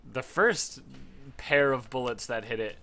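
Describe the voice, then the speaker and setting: A man's voice: mid-range voice, lively intonation, a little slow, bright, forceful tone. A man giving casual gameplay commentary from home at a desk mic, rambling into a profane story. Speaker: let's play gamer.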